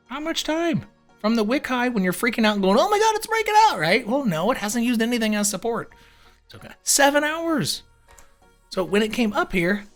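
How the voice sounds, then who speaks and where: A man whose voice sits high gives casual screen-share commentary on crypto charts. He's animated and wry, throwing in mock-panicked asides and casual swearing.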